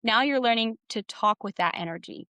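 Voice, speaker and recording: A woman's voice: fairly high pitch, animated, moderate pace, bright, forceful tone, clean tone, dry recording. A woman coach in her thirties, guest on a podcast, explaining her ideas earnestly in a casual conversational way and acting out bits of inner dialogue.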